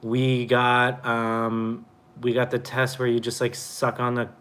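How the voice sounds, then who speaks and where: A man's voice: medium pitch, completely flat delivery, slow, a bit bright. A man in his thirties co-hosting a home livestream, rambling and joking. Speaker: co-host, husband. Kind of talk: casual chat. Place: home, at a table.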